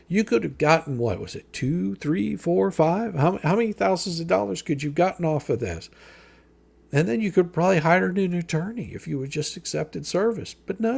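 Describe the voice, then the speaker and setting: With a slightly high, creaky, a little mellow voice, a man reads a legal filing on his live stream. He mocks every point in turn, sarcastic and profane.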